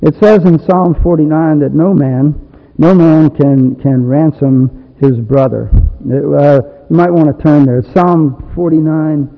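Man, preacher, gravelly voice, unhurried with many fillers, long reverb of a hall. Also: on the high side. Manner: unhurried, many fillers and restarts, reads Hebrew phrases aloud. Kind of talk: sermon. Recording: dull lo-fi sound in a reverberant hall.

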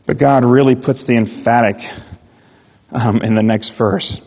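A man preaching a sermon in an animated way, with mock-indignant asides. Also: mid-range voice, unhurried. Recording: dull sound in a reverberant hall.

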